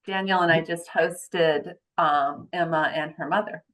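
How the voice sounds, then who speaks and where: Woman co-host from the bookstore, quick little comments. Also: sits low, steady tone, fairly bright tone, low-quality recording. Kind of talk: casual chat.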